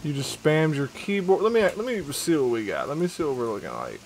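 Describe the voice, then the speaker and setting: A man's voice: fairly high pitch, big pitch swings, brisk, a little hiss or hum. Upbeat young man streaming a game. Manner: upbeat, chatty, reads and answers chat, slangy. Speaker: gaming streamer. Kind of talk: casual live-stream chat while playing.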